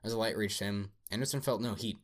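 Deep voiced guy reading a sci-fi story out loud, steady with small slips. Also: quick pace. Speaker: narrator.

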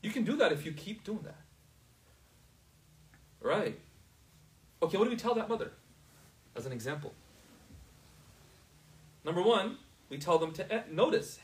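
Guy teaching a class, kinda high voice, keeps asking if they get it, sounds far from the mic. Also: sing-song, moderate pace, long pauses. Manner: asks the class often if they understand.

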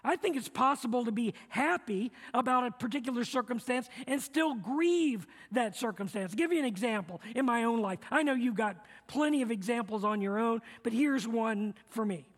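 A man's voice: very high-pitched, animated, moderate pace, few pauses. A middle-aged male pastor preaching a sermon, earnest and repetitive, leading the congregation to repeat lines back to him. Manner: earnest, repeats phrases, leads the congregation in call-and-response. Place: church sanctuary. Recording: long reverb of a church hall.

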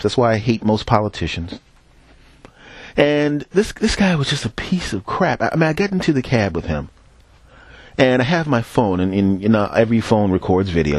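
A man from Philadelphia talks into a headset as he walks through the city, telling a rambling, profane story for his podcast. His voice sits low but swings widely, and the sound is close and dry. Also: darkish tone, slightly rough, no echo. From Philadelphia, USA. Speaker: podcast host. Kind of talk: casual solo monologue while walking. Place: city street, outdoors.

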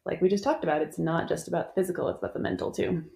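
A woman hosting a casual interview, relaxed and candid, asking open questions. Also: lowish voice, racing, gravelly. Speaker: podcast host.

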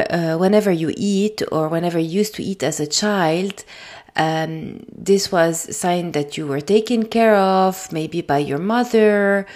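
A woman with a French accent, hosting a podcast and talking things through in a gentle, thoughtful way with frequent fillers and restarts. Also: mid-range voice. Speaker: podcast host. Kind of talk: casual solo podcast talk.

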